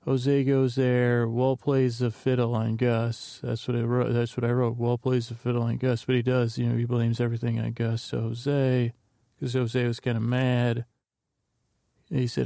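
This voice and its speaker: A man with a gravelly, mellow voice, ambling through a recap of his notes. His pitch stays flat and unhurried, and the recording is dry and close. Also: dry recording. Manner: meandering, reads his notes aloud with asides. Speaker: podcast host. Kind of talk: rambling episode recap from notes.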